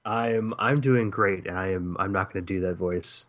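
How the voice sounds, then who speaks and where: A man in his thirties co-hosting a casual podcast. He talks in animated bursts, stammers, and laughs often. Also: deep voice, normal speed. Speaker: podcast co-host. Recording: dull lo-fi audio.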